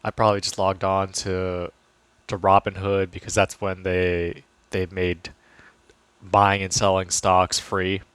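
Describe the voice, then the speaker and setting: Chatty low-voiced young man. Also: a little slow, smooth, dry recording. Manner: relaxed, chatty, many "like" fillers and restarts. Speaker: finance vlogger. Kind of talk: casual talk to camera.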